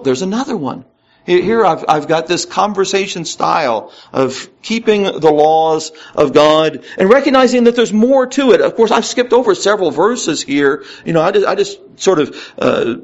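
Slightly high-voiced man teaching scripture. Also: lo-fi sound. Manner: reads scripture aloud with rising emphasis, conversational asides. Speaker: pastor. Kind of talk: Bible teaching sermon.

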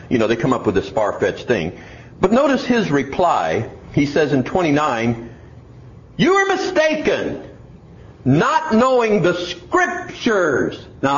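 A man preaching a sermon, putting mock questions to himself and answering them. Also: mid-range voice. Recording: echoey, dull lo-fi room recording.

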